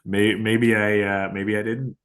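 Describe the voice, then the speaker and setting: A man's voice: on the low side, level tone, a little slow, fairly bright tone, clear, resonant tone. A man co-hosting a podcast, reacting with jokes and laughter in casual chat. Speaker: podcast co-host.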